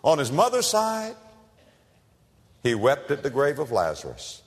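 A man pastor preaching a sermon, emphatic, with dramatic pauses and humorous illustrations, in a church sanctuary. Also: medium pitch, huge pitch swings. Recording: long hall reverb.

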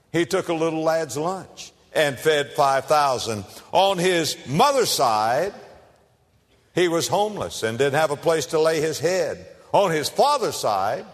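A man pastor preaches slowly and deliberately, leaning on dramatic pauses. His pitch swings widely as he drives his points home with humor. His voice trails off in a long reverb through the church sanctuary. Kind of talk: sermon.

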